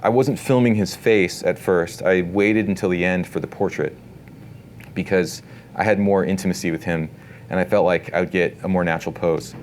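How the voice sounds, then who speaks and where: A man giving a casual live workshop talk to an audience in an event space, relaxed and talkative, full of filler words. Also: sits low, moderate pace, slight background noise. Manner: relaxed, talkative, many "like" and "you know" fillers.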